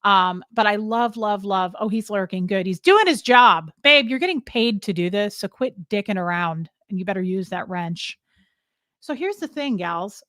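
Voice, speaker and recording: During a casual live chat, a woman host wanders across topics and says hello to viewers by name. She speaks at a moderate pace in a mid-range, fairly bright voice. No room sound; studio quality.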